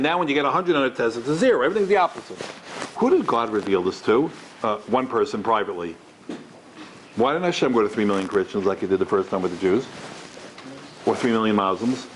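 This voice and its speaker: A male rabbi lecturing to a crowd, his pitch leaping around as he tells stories and acts out conversations. His voice sits in a middle register, with a faint hiss of noise under the hall microphone. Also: fairly bright tone. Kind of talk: lively lecture with storytelling. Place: community center lecture hall.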